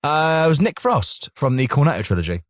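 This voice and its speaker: A man co-hosting a comedy podcast, telling an anecdote in lively casual chat and acting out other people's lines. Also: a little high, brisk, no room sound, clean studio sound. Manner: lively storytelling, acts out voices. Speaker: podcast co-host.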